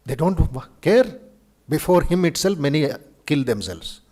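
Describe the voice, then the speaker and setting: Animated Indian monk lecturing, high voice. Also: male voice, moderate pace. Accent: Indian English. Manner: animated storyteller, acts out quoted speech, chuckles. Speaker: monk giving an inaugural lecture. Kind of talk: spiritual lecture to students. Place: university auditorium.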